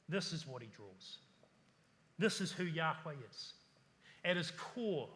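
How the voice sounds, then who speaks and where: A man's voice: on the high side, pushed and bright, big-room sound. A male pastor preaching a sermon, earnest, piling up lists and asking rhetorical questions.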